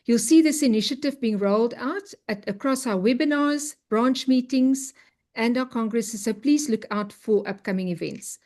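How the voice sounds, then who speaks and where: A woman's voice: a little high, normal speed, darkish tone. A woman with a South African accent, opening and hosting a webinar in a polite, businesslike way over a video call. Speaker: webinar host and committee chair. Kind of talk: formal webinar introduction.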